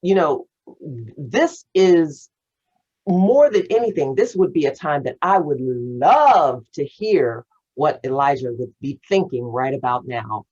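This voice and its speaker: A woman reverend hosting the meeting, asking her guest questions in a measured, earnest way. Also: low voice, darkish tone, husky, muffled recording. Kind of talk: hosted conversation, asking questions.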